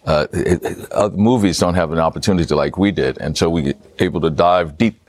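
A man as an actor guest on a morning TV show, answering in a halting way with many pauses and fillers. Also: sits low, darkish tone. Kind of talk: talk-show interview. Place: TV studio.

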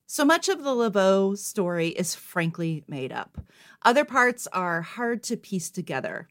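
A woman co-host reading a scripted history segment in an even, matter-of-fact way. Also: mid-range voice, measured pace. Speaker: podcast co-host.

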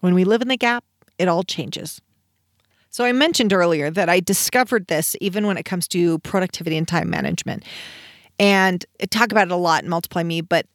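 A woman hosting a motivational podcast, energetic and emphatic, with playful asides. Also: lowish voice, no room sound, clean studio sound. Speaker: podcast host.

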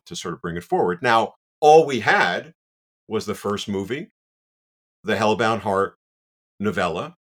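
A man, a guest on the show, telling an anecdote in a casual, animated way with self-deprecating asides and lots of "you know.". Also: sits low.

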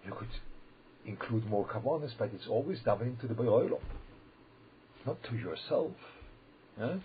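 A man giving a holiday sermon as a religious teacher, speaking haltingly, often repeating words and restarting, and checking in with his listeners. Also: medium pitch, lively intonation, slight background noise. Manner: checks in with listeners, asking "yeah?". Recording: slightly dull lo-fi recording.

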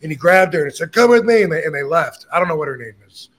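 A man's voice: on the high side, fast talker, a bit bright. A middle-aged man telling a story in casual chat, blunt and profane, acting out the lines he quotes. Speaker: podcast host telling a story.

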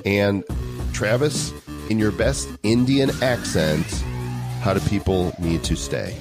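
A man's voice: lowish voice, lively intonation, slow, music in the background. A man co-hosting a casual podcast, joking with his partner and reading a legal disclaimer at the close. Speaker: podcast co-host.

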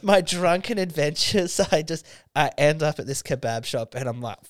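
Tipsy Australian man, smooth voice. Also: on the high side, lively intonation, normal speed, no echo, studio quality. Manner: swears constantly, laughs through stories. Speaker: podcast host. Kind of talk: casual drunk chat.

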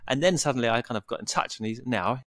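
A man's voice: mid-range voice, fast, fairly bright tone. A middle-aged man hosting a podcast, talking casually and rambling with many restarts and fillers. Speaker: podcast host. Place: Bali.

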